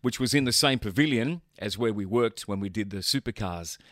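A man's voice: on the low side, fairly quick, fairly bright tone, no room sound, clean studio sound. A middle-aged Australian man, a sports announcer, telling stories as a guest in a casual chat.

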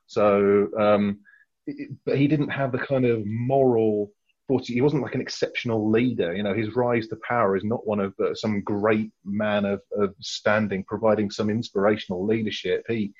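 Man, low voice, husky, hesitant, restarts a lot, muffled lo-fi mic. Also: a little mellow. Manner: hesitant, thinking aloud with many restarts. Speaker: podcast panelist. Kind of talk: casual discussion.

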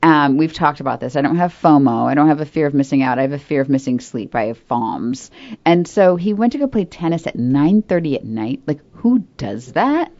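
A middle-aged woman with a low voice chats casually, telling candid, self-mocking stories. The sound is slightly dull and lo-fi. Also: animated, fairly quick, darkish tone. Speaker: podcast co-host. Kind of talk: casual chat.

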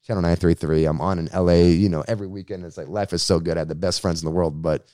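A man from Boston, a radio host, telling his story in a casual interview with a slangy, lively way of talking. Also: low voice, fast talker, dry recording, studio quality.

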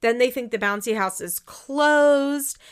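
A woman's voice: on the high side, a little slow, clean tone. A woman giving a casual, rambling recap of a reality show, opinionated and indignant, with many "like" fillers. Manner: rambling, chatty, lots of "like" fillers.

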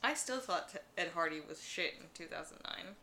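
A woman's voice: lowish voice, animated, brisk, sharp tone. A woman co-hosting a podcast in casual chat, making dry, blunt remarks. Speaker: podcast co-host.

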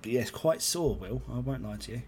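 A man co-hosting a podcast, teasing in a dry, deadpan way. He sounds tired. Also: mid-range voice, a little fast, slightly rough. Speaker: podcast co-host. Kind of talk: casual banter.

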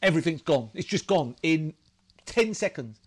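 Halting man recounting addiction. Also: on the high side, expressive, breathy edge. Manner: halting, repeats himself, many fillers. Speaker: guest. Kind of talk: emotional personal interview talk.

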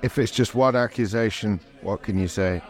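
A man's voice: on the low side, normal speed, some chatter behind. A man co-hosting a podcast, chatting casually with many fillers and chuckles. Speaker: podcast co-host. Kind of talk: casual chat.

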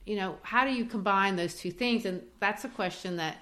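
A woman teaching literature in a lively way, discussing a play and acting out its quoted lines. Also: mid-range voice, moderate pace. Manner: animated, acts out quoted lines.

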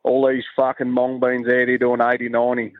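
A man's voice: mid-range voice, monotone, fairly quick, no echo, phone-quality sound. An Australian man leaving a brash, swearing voice message full of boasts. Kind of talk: crude voice-message banter.

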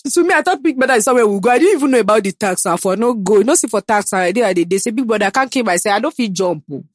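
Speaking on the high side, animated and racing, a young woman with a Nigerian accent chats about herself as a guest in a casual interview. She's confident and emphatic, drifts into Pidgin, and the sound is clean studio audio with no room sound.

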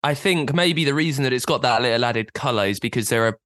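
A man co-hosting a podcast, rambling casually with frequent halting restarts. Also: medium pitch, fairly bright tone, no echo. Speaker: podcast co-host. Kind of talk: casual chat.

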